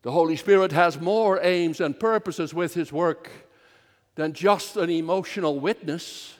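A man preaching an earnest sermon as minister, slow and measured, rising to strong emphasis at times. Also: on the high side, in a large hall. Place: church.

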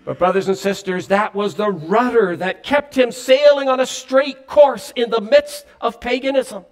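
Male pastor preaching, pretty high voice, earnest, rises and drops for emphasis. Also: moderate pace. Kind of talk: sermon.

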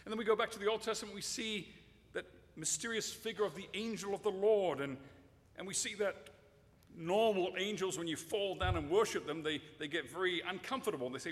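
A man delivers a sermon in a fairly high voice, stressing key words and at times speaking straight to the children. His voice rings out with a long reverb trailing behind it. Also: fairly quick. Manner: emphatic, addresses children directly. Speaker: preacher.

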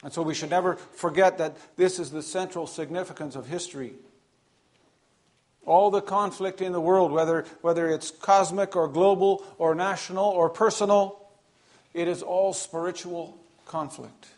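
A man delivers a sermon in a fairly high voice. He preaches earnestly and emphatically, pausing between phrases and now and then repeating a word. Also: fairly even intonation, darkish tone.

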